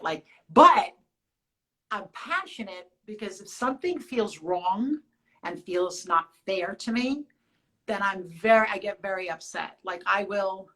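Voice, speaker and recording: A woman's voice: lowish voice, pushed and bright, rough recording. A woman in her forties, hosting a casual live question-and-answer with fans, telling personal stories in a chatty way with many restarts. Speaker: show host.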